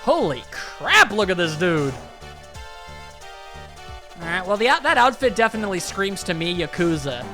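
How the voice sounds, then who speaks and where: A man's voice: high voice, animated, moderate pace, long pauses, bright, forceful tone. Let's-play host, man, joking and rambling, game music underneath. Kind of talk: casual gameplay commentary.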